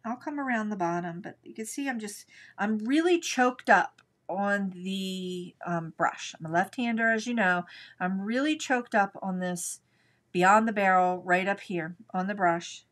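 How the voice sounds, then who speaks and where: A woman's voice: medium pitch, measured pace, fairly bright tone. A middle-aged woman hosting a live watercolor painting tutorial, chatting and thinking aloud as she works. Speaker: art instructor.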